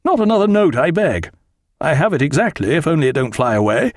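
A man voicing a hearty, bluff naval captain in an audiobook, lively and cheerful. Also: fairly high pitch, a little fast, no room sound, clean studio sound.

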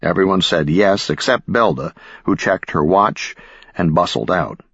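A man narrates an audiobook in a measured, expressive way. His voice is very deep and husky, with lively swings in pitch. The recording is dry and a little dull, with a lo-fi sound. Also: no echo. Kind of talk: scripted narration.

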